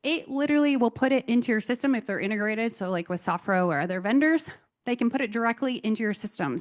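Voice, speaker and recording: Chatty woman giving a conference talk. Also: fairly high pitch. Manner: chatty, enthusiastic, self-deprecating asides. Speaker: conference presenter on AI tools.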